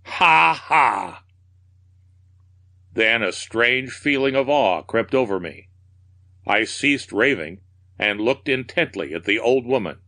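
A man reading a horror tale aloud with measured, darkly theatrical narration. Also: mid-range voice, lively intonation, sharp tone. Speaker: storyteller.

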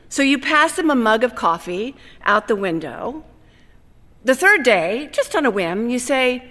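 A woman reading a personal essay aloud, telling it in a wry, deadpan second-person voice. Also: high voice, a little slow. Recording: long hall reverb.

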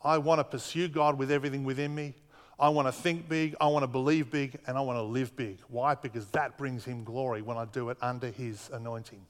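A man's voice: medium pitch, steady tone, fairly quick, few pauses. A man preaching a sermon as pastor, earnest, driving home points with repetition. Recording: long reverb of a hall.

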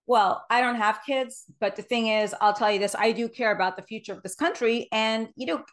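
A woman's voice: on the high side, a little fast. A woman hosting an interview show, amped up and emphatic. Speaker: host. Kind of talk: casual interview.

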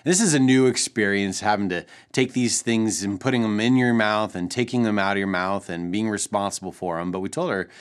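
A man in his thirties, a pastor, telling a family story in an earnest, gentle way for a short devotional. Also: fairly low pitch, brisk, hardly any pauses, clean tone.

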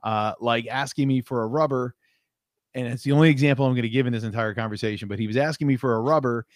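A male interview host talking casually, often adding "like" and "right?". His voice has an average pitch. The recording is dry, with no room echo. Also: quick pace. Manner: rambling, uses "like" and "right?" a lot.

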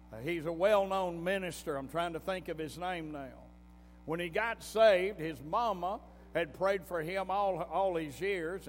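A man preaching a sermon in a folksy storytelling manner, breaking into emphatic bursts. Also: sits high. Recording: long hall reverb with faint music.

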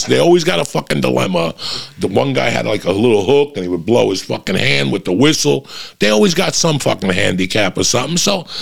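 A middle-aged man, telling a profane stand-up story that rises into loud, animated rants. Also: medium pitch, gravelly, slightly rough. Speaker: stand-up comedian.

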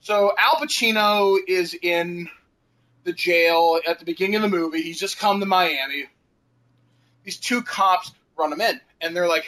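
A man with a high, bright voice talks loosely on a podcast. He rambles through anecdotes, drops casual swears and laughs between lines. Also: big pitch swings, normal speed, low-quality recording. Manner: chatty, laughs often, swears casually, many fillers.

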